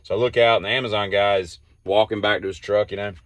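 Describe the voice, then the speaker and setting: A man's voice: on the low side, steady tone, quick pace, no echo. A man telling a casual vlog story in a rambling, exasperated and sarcastic way. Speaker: vlogger.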